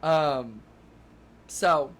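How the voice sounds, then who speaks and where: A man's voice: a little high, drawn-out words, fairly bright tone, a little hiss or hum. A young man streaming, telling a long story casually to his live chat, padding every phrase with "like", swearing often and breaking off to thank viewers. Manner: rambling, fills every phrase with "like", swears a lot.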